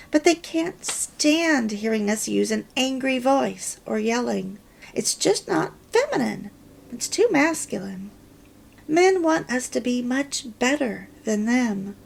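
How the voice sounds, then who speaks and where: A woman's voice: on the high side, very animated, takes it slowly, creaky, voice pushed up, exaggerated voice. A woman reading the part of a female church friend who gives firm, instructive advice. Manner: instructive, lecturing.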